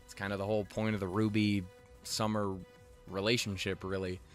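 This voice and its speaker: A man's voice: lowish voice, flat delivery, fairly quick, soft background music. Rambling, casual man recapping an episode. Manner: rambling, lots of fillers and restarts, swears casually. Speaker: show reviewer.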